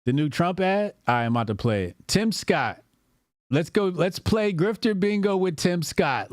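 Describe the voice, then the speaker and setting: A man's voice: a little high, a little mellow, no room sound, clean studio sound. A man giving casual, mocking reaction commentary as a streamer, exasperated and profane.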